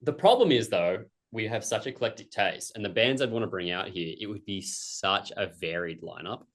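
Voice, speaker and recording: Young aussie guy hosting a chill interview, bit low voice, says "like" a lot. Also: normal speed. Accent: Australian. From Australia. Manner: relaxed, chatty, lots of "like" fillers. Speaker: podcast host. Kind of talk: casual interview chat.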